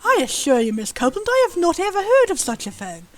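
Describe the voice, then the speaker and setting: A woman's voice: extremely high pitch, huge pitch swings, quick pace, full character voice. A British woman voicing a courteous, formal old male monster butler in a video game, with prim, old-fashioned wording. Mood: polite, formal.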